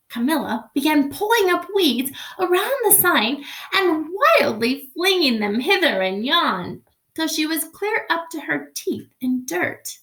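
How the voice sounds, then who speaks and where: A woman's voice: high-pitched, big pitch swings, unhurried, fairly bright tone, roomy sound. A woman teacher reading a picture book aloud to her class, speaking expressively and asking the children questions.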